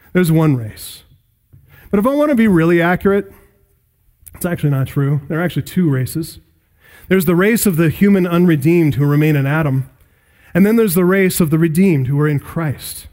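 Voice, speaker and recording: Male pastor, expository sermon, high-pitched voice, emphatic delivery. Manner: emphatic preaching, swells loud and high on key points.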